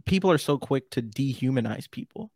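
A man's voice: medium pitch, expressive, fairly quick, darkish tone, slightly rough, dry recording. Rambling male podcast host, dry sound. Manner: rambling, many fillers and restarts. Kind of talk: casual podcast conversation.

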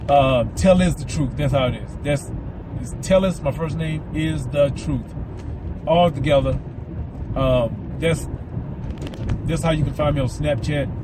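A man's voice: on the high side, measured pace, long pauses, background noise. A man with a Southern American accent hosting a casual podcast, rambling and repeating words, with a slight lisp from mouth aligners. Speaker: podcast host. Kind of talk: casual solo podcast monologue.

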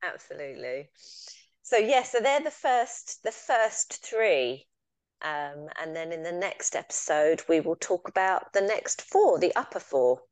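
A woman's voice: on the low side, lively intonation, unhurried, darkish tone, dry recording. A woman co-hosting a podcast in easy, agreeable casual chat. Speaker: podcast co-host.

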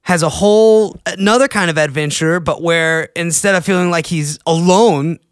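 A young man chatting casually as a podcast host, rambling between mumbled asides and excited outbursts. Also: on the high side, moderate pace, smooth, dry recording, studio quality. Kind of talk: casual solo chat.

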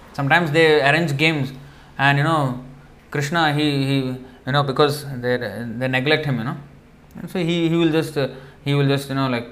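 A man giving a devotional lecture in a loose, conversational way, full of fillers, acting out quoted lines in a softer voice. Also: on the high side. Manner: conversational, many fillers, acts out quoted dialogue softly. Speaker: preacher.

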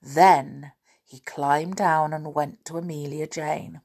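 A woman reading a children's story aloud with lively expression. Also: sits low, slow, slightly rough.

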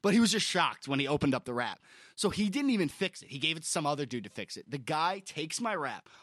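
A young man tells an animated story on a podcast, cursing and restarting as he gets worked up. He is getting over the flu and sounds a little sweaty. His voice sits a bit high and is recorded close and dry. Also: no room sound. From Long Island. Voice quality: animated storyteller, swears often, quick restarts. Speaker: podcast co-host. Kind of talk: casual chat.

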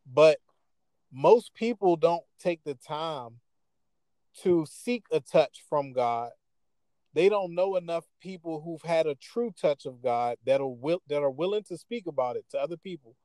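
A man's voice: fairly high pitch, expressive, unhurried, mellow, no room sound. A man hosting a faith talk show, speaking earnestly in a sermon-like way. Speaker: host. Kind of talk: preaching-style talk.

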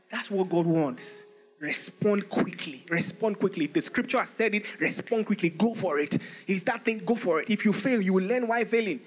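High-voiced animated male preacher. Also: normal speed, breathy edge. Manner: animated preaching, reads scripture aloud in old English, laughs often. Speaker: pastor. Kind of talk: sermon.

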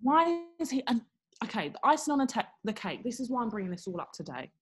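A woman's voice: a little high, fast, slightly rough. A young woman, co-hosting a podcast and telling a story in casual chat, acting out the people she quotes. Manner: animated, acts out quotes with exaggerated voices. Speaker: podcast co-host.

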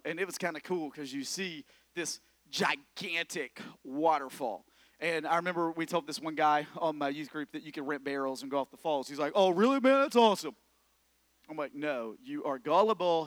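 A young man preaching a sermon in church, energetic and building to shouts. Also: fairly high pitch, no room sound. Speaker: pastor.

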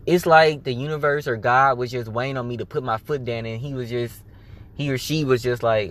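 A man of middle pitch talks alone into his podcast mic. His talk is loose and personal. He swears often and slips into lively re-enactments of his own thoughts. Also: fairly quick. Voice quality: candid, swears freely, animated self-quoting. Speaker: podcast host. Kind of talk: casual personal monologue.

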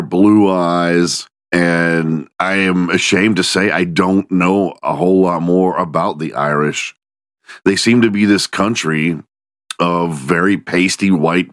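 A man's voice: low voice, no room sound, clean studio sound. A man from the United States hosting a solo podcast, rambling in a crude, jokey way and swearing freely. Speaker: podcast host. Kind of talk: casual solo podcast monologue.

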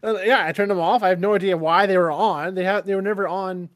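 A man co-hosting a podcast in casual chat, excitable, swearing and laughing as he talks. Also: high-pitched, fast talker, no room sound. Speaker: podcast co-host.

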